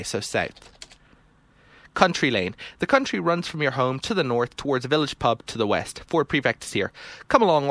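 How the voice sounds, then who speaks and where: A man's voice: mid-range voice, fairly bright tone. A young man playing a text adventure, reading its prose aloud and muttering the commands he types between his own remarks. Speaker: video game player. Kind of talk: let's play commentary, reading game text aloud.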